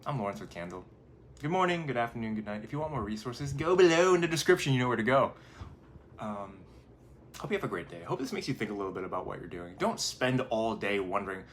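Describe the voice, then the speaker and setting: A man's voice: on the low side, lively intonation, quick pace, slight background noise. A man, a life coach hosting his own channel, talking casually and rambling a little as he acts out his own thoughts. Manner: conversational, rambling, acts out inner thoughts in quotes. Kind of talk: casual motivational talk to camera.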